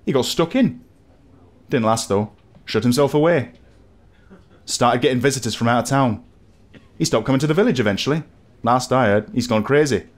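A man voicing a chatty village barkeep in a game, with a brisk, folksy way of talking. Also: mid-range voice, sing-song, close to an everyday voice.

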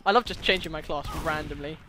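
A teenage boy chattering and joking excitedly while playing a shooter game online. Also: on the high side, fast. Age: teens. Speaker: gamer. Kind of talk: casual gameplay commentary.

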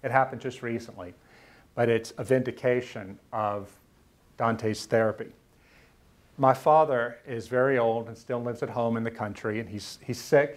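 In a university lecture room, an author from Louisiana in the US South tells a personal story. He speaks earnestly and haltingly in a medium-pitched voice, repeating words when he's moved.

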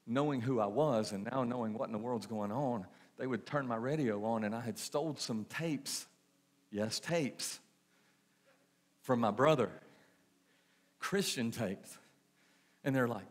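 A man's voice: medium pitch, normal speed. A man preaching a sermon, repeating phrases and asking the congregation questions. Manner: preaching with repetition and rhetorical questions. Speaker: pastor.

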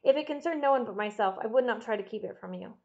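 A woman's voice: fairly high pitch, expressive, quick pace, a little mellow, lo-fi sound. A woman voicing a frightened, secretive male butler who pleads with his master, in an audiobook reading. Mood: pleading. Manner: pleading, agitated.

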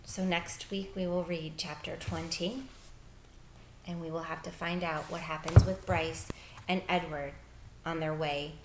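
A woman teacher reading a children's book aloud, with expressive storytelling that turns soft and hushed in the sad parts. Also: low voice, a little slow, roomy sound, background noise.

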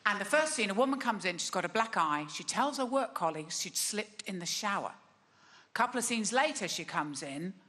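A woman's voice: mid-range voice, lively intonation, brisk, bright, forceful tone, long reverb tail. A woman comedian performing a wry, chatty stand-up routine on a large theatre stage. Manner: wry, conversational, chatty asides.

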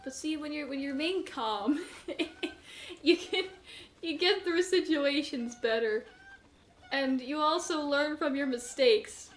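A woman's voice: high voice, takes it slowly, a little hiss or hum. A young woman commenting on her own gameplay, who panics and shrieks in tense moments, then rambles and laughs at herself. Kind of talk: let's play commentary.

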